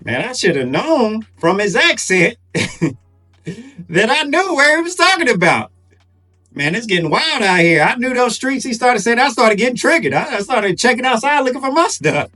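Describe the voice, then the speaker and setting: A man's voice: very high voice, moderate pace. A man hosting reaction commentary, chuckling and talking straight to his viewers. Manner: chuckling, animated, addresses viewers directly. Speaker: commentary host. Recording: distant mic, faint music.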